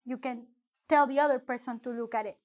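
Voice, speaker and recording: Woman w a high voice teaching online, rambly and chatty, keeps restarting her sentences. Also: fairly even intonation, a little fast, a little mellow. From Mexico. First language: Spanish. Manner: rambling, chatty, with frequent restarts and self-corrections. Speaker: Spanish teacher. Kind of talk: casual online language lesson.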